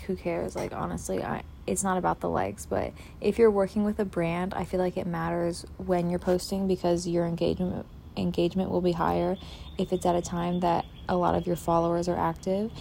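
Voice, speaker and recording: Recorded outdoors in a backyard with faint ambient noise, this casual podcast features a young woman host whose lowish voice is level, fairly quick, gravelly and a little mellow. She rambles and swears freely, with plenty of fillers.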